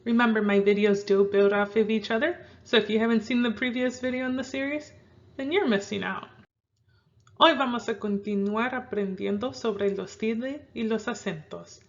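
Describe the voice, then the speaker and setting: A woman teaching a video lesson, calm and clear, slowing down to spell out example words. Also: on the high side. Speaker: Spanish teacher. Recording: dull lo-fi sound.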